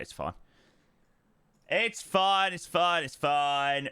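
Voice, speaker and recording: A man live-streaming a flight sim, chatting excitedly and thanking subscribers, calling everyone mate. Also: fairly high pitch, drawn-out words, smooth, no room sound. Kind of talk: live stream chat while flying.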